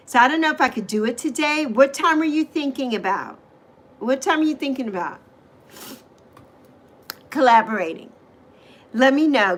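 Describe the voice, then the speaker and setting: A woman's voice: high voice, a bit bright. A middle-aged woman, hosting a casual livestream, chatting animatedly and reacting to viewer comments with emphatic exclamations. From U.S. Virgin Islands. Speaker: livestream host.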